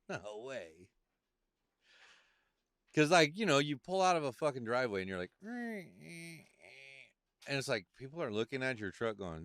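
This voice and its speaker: A man hosting a casual podcast chat, telling animated stories and swearing freely. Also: medium pitch, normal speed, long pauses, dry recording. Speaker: podcast host.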